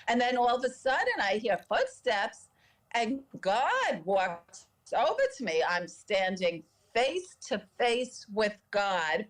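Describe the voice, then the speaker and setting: A woman with a somewhat high voice tells a personal story as a podcast guest. She speaks earnestly and with feeling, and her voice lifts when she acts out the people she quotes. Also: big pitch swings, unhurried.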